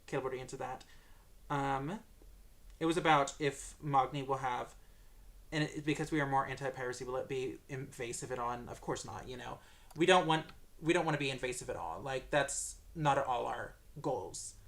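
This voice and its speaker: A man's voice: mid-range voice, normal speed, vocal fry, a bit bright. A man answering viewer questions on a livestream Q&A, hesitant and full of filler sounds.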